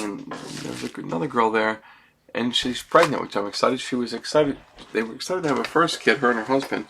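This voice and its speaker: A man's voice: medium pitch, a bit bright, a little hiss or hum. A middle-aged man talking through a personal vlog monologue, rambling and emotional, close to tears and ending many sentences with "man.".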